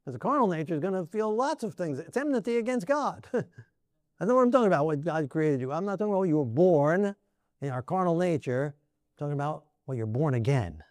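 A man's voice: a little high, very animated, brisk, a little mellow, dry recording, studio quality. A man preaching a sermon in a conversational way, often checking in with "right?" and small laughs.

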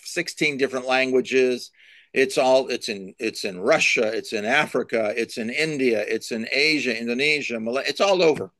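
A man's voice: medium pitch, fairly bright tone, dry recording. A middle-aged man, a Christian author and speaker, answering interview questions in an emphatic, preaching style, repeating key phrases and building lists.

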